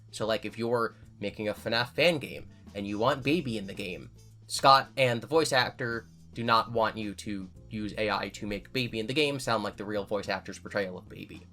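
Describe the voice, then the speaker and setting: A man's voice: on the low side, sharp tone. A man hosting his own channel, answering viewer questions in casual chat and thinking aloud with frequent restarts.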